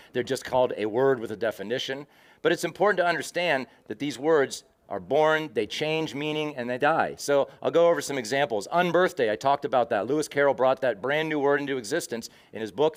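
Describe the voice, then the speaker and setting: Man giving a lively conference talk. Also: mid-range voice. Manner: conversational, acts out quoted exchanges. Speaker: conference speaker. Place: conference hall.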